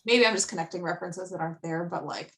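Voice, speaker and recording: A woman's voice: fairly low pitch, fast, a bit bright. A woman guest on a podcast in casual chat, giggling often and filling her talk with "like". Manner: chatty, giggly, lots of "like" fillers.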